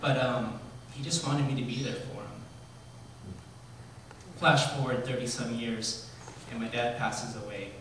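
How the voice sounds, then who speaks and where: A man in his forties giving a eulogy, telling stories about his father in a halting way with many ums. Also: mid-range voice, steady tone, fairly bright tone, a little hiss or hum. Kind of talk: eulogy told as personal stories. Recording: very echoey hall, voice from far off, faint ambience.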